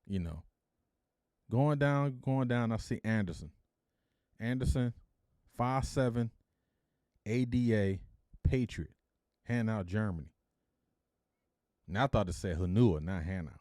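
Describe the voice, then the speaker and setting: A middle-aged man from Detroit, hosting a podcast and telling his own life story in a casual, animated way, acting out the dialogue and peppering his speech with "freaking". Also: on the low side, no room sound, clean studio sound. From Detroit, United States.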